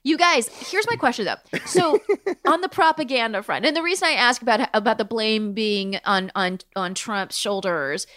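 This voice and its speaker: A woman hosting a comedy podcast in casual chat, animated and self-mocking, tripping over her own words. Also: fairly high pitch, moderate pace, no echo. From United States. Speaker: podcast host. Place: New York.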